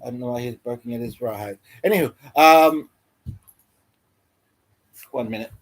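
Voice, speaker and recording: A man's voice: mid-range voice, moderate pace. Male stream host, casual meandering chat, filler-heavy. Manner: meandering, full of fillers and restarts. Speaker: livestream host. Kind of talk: rambling casual livestream chat.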